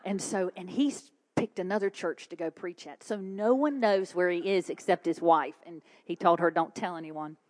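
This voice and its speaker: A woman, preaching her testimony in a dramatic storytelling way that often drops to hushed whispers. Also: on the low side, moderate pace, hardly any pauses.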